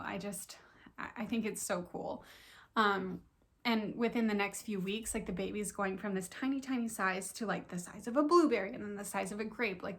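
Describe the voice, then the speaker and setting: A young woman talking casually to camera about her week, chatty and excited, with many fillers. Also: mid-range voice. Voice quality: creaky. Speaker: vlogger sharing pregnancy update.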